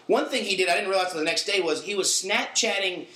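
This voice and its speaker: A man's voice: high-pitched, quick pace, bright, forceful tone, roomy sound, poor audio. A young man hosting a podcast, telling a rambling story with restarts in casual chat. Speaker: podcast host.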